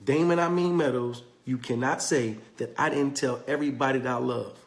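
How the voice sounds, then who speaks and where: Black guy hyping a crypto pitch on a live stream, keeps calling out to viewers, roomy echo. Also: brisk. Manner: animated, repetitive, calls out to viewers. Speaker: crypto promoter on a livestream. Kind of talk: excited sales pitch, reading articles aloud. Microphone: phone or webcam on a live stream.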